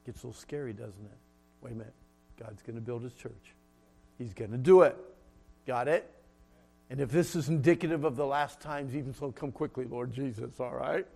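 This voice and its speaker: A middle-aged man preaching a sermon, telling a personal story with shifts between loud, laughing moments and hushed, solemn ones. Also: medium pitch, fairly quick, creaky, breathy edge.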